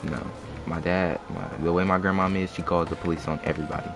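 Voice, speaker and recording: A man's voice: low-pitched, flat delivery, fast talker. A young man telling a story in a loose, slangy, rambling way on a casual live stream. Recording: music playing behind.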